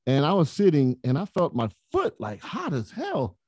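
A man, a podcast guest, telling stories in a casual, animated way, often laughing as he talks. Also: fairly high pitch, normal speed. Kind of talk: casual storytelling.

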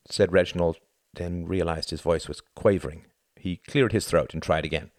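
A man reading a novel aloud as an audiobook narrator, in an expressive style. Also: sits low, brisk, no room sound, studio quality. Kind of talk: scripted narration.

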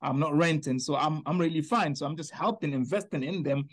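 A man from Niger, a podcast guest telling his personal faith story in an earnest, animated way. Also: a little high, a little fast. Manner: earnest, animated storyteller who acts out quoted voices.

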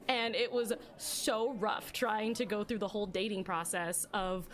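A woman's voice: medium pitch, fairly even intonation, unhurried, hardly any pauses. A woman hosting a casual podcast chat, candid and talkative, laughing often and swearing now and then. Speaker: podcast host.

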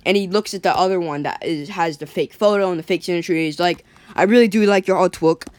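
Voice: medium pitch, slight background noise. Casual plot recap by an eager, rambling storyteller who acts out every character's line. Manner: rambling, lots of "like" and restarts, acts out quoted lines. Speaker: storyteller retelling a cartoon episode. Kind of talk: casual excited retelling.

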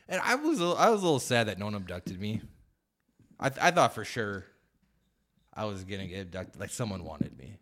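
A man's voice: on the low side, a little fast. A father on a casual podcast who tells stories by acting out both sides of a conversation. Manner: animated storyteller, acts out both sides of conversations.

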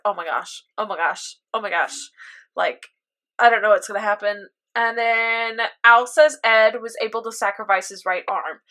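A young woman in casual chat, animatedly recapping an anime episode and acting out her own reactions. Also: on the high side. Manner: animated storytelling, acts out reactions. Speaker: podcast co-host recapping an anime.

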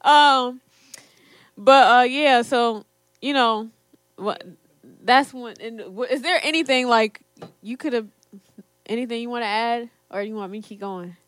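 A young woman with a bright, fairly high voice recounts a personal story for her vlog. She quotes her parents as she goes and laughs often. The sound is close and dry. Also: a little slow, clear, resonant tone, dry recording. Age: young adult. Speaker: storyteller, co-host. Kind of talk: casual storytelling to camera.

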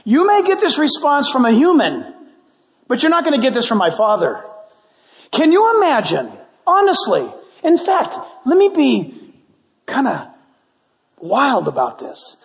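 A man preaching a sermon as pastor, animated and conversational with jokes. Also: extremely high pitch, unhurried, pauses often. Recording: long church hall reverb.

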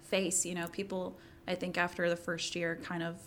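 A young woman interviewing a guest, talking gently and casually with many fillers. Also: lowish voice, little pitch movement, normal speed, a little hiss or hum. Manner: gentle, filler-heavy, lots of likes and ums. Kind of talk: casual faith conversation.

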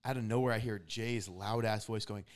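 A man's voice: on the low side, steady tone, normal speed, slight background noise. A man in a casual podcast chat, teasing his friends and telling a story with energy. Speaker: podcast guest.

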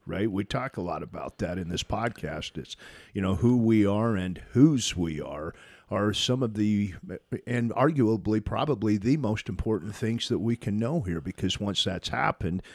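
A man's voice: lowish voice, no echo, studio quality. A man co-hosting a podcast interview, reflecting aloud and asking his guest questions. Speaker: podcast co-host.

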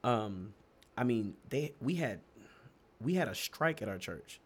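A young man from Texas telling stories in a casual chat, animated and laughing often, his pitch leaping up for emphasis. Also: a little slow, slightly rough. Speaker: podcast co-host.

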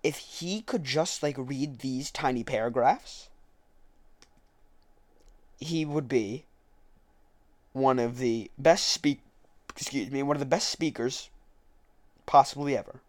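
A man with a medium-pitched voice speaks slowly, pausing often, in a recording with no echo. He reads a political speech aloud and comments on it, arguing each point in turn and correcting his own slips as he goes.

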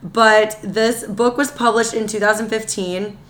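A woman co-hosting a podcast in casual chat, her voice worn out and tired, talking in an excitable, chatty way with quick asides. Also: medium pitch. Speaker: podcast co-host.

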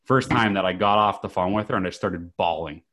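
A middle-aged man co-hosts a relaxed podcast. His voice sits fairly low, and he tells family stories in a casual, chatty way, laughing often as he goes. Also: a little fast. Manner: laughs often while telling anecdotes. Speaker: podcast co-host. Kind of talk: casual chat.

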